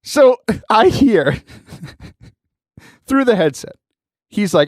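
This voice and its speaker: Animated man telling a story. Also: high voice, slow, long pauses, dry recording, clean studio sound. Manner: animated, laughing often, mimics voices in anecdotes. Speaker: podcast host. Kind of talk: casual storytelling.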